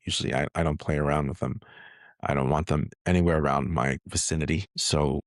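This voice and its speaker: A man's voice: very deep voice, steady tone, brisk, dry recording, studio quality. A man co-hosting a podcast, speaking bluntly and firmly about his views. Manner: blunt and firm. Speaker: podcast co-host. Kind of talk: casual podcast chat.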